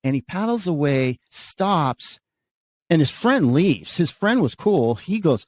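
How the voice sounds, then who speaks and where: A man hosting a podcast, telling a story in an animated way and acting out what people said. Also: a little high, unhurried. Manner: animated storyteller, acts out quotes. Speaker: podcast host. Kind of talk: casual podcast chat.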